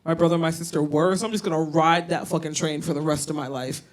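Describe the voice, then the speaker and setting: A young woman with a Southern US accent doing a loud, profane, self-mocking stand-up set on a bar stage. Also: deep voice, steady tone, quick pace. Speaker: stand-up comedian. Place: comedy bar stage, live audience.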